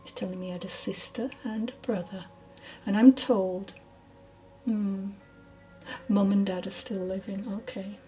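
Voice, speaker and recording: A woman giving a channelled mediumship reading, hesitant and apologetic, often dropping into soft whispered asides. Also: mid-range voice, steady tone, measured pace, long pauses, faint music behind, rough recording. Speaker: spiritual medium.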